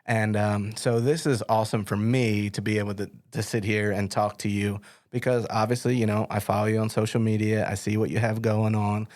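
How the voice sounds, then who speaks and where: A man's voice: fairly low pitch, level tone, a little fast, hardly any pauses, a little mellow. A middle-aged man hosting an interview, chatting casually and telling stories with lots of fillers and restarts. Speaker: podcast host.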